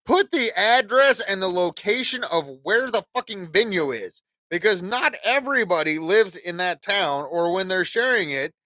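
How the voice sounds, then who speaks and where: A man's voice: sits high, expressive, normal speed, hardly any pauses, bright, forceful tone, dry recording. A man hosting a casual podcast livestream, rambling and swearing freely as he acts out conversations. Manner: profane, rambling, acts out dialogue. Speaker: podcast host.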